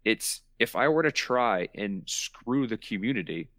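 Low-voiced man explaining with emphatic repetition. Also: animated, measured pace, fairly bright tone, dry recording. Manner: explanatory, repeats words for emphasis. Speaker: podcast host. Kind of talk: casual chat.

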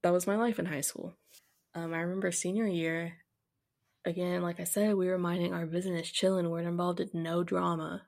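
A woman's voice: on the low side, level tone, a little fast, creaky, darkish tone. A young woman, a podcast host telling her own story candidly and bluntly, laughing now and then. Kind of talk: personal storytelling.

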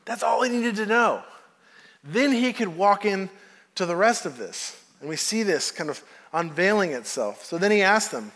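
Brief: male pastor, fairly high voice, casual and animated, long hall reverb. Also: moderate pace. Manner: conversational, animated storytelling preaching. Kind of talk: sermon.

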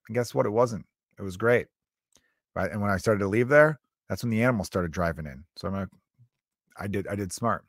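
A man's voice: on the low side, fairly quick, long pauses, no room sound, studio quality. A man in his thirties and a father of two, talking casually and comically, acting out scenes with his kids and swearing freely. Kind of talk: casual comedic monologue.

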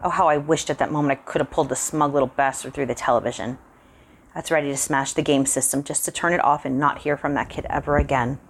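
A woman reading a spooky short story aloud, calmly narrating in the first person. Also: a bass voice, quick pace, slight background noise.

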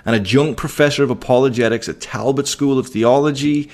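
A man's voice: mid-range voice, a little fast, darkish tone. An English man in his forties hosts a podcast interview. He talks in an upbeat, joking way and keeps the chat light. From England. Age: 40s. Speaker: podcast host.

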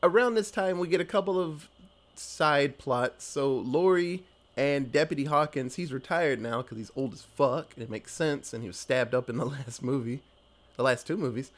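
A young man casually recapping a horror movie, swearing freely, laughing often and briefly acting out the characters' lines. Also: medium pitch. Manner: loose and profane, acts out characters in quick voices, laughs often. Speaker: podcast co-host recapping a movie.

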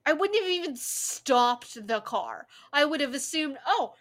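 A woman giving casual, sarcastic running commentary on a film she is watching with a friend. She swears freely and talks in an animated way. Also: high-pitched, a little slow. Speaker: co-host reacting to a film.

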